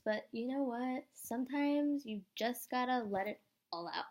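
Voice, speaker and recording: A young woman vlogging at home into a camera, hyped up and rambling, with many "like" fillers. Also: a little high. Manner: excitable, rambling, fast-talking with many "like" fillers. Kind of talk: hyped-up casual vlog.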